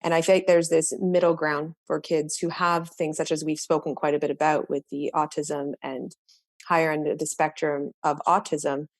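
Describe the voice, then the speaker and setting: Speaking in a low-pitched voice with no echo, a teacher appears as a podcast guest and reflects earnestly on her classroom stories. She frequently restarts her sentences and repeats words as she talks.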